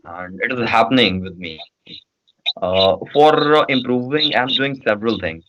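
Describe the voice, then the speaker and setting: A man's voice: medium pitch, animated, normal speed, fairly bright tone, poor audio. A man from Bihar with an Indian accent, answering interview questions in a hesitant way with many fillers. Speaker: guest.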